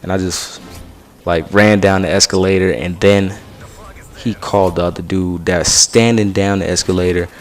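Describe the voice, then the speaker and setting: A young man in his late teens casually telling a story about himself, slangy and animated, acting out the quotes. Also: low-pitched, moderate pace, soft background music.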